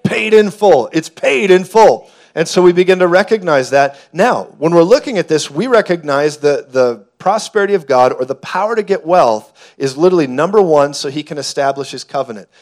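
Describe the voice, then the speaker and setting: Guy preaching hard in church, voice a bit on the high side, gets loud and fired up. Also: lively intonation, brisk, few pauses. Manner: fervent, building to shouts. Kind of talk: sermon. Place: church hall before a congregation.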